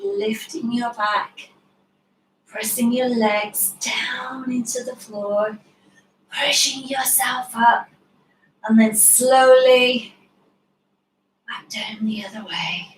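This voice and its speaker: A yoga teacher from the United Kingdom talks her class through each stretch and breath, her slightly high voice moving slowly and warmly encouraging. She laughs easily and drops to soft cues for the breathing. The sound is roomy and caught from some distance, with faint ambience underneath. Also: slight background noise. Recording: roomy sound from away from the mic.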